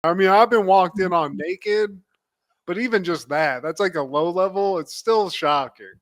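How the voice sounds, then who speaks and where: A man co-hosting a chatty podcast recap, his voice sitting a bit high for a man. He tells the story loosely and laughs along as he goes, often turning to his co-host by name. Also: normal speed. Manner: keeps addressing co-host by name.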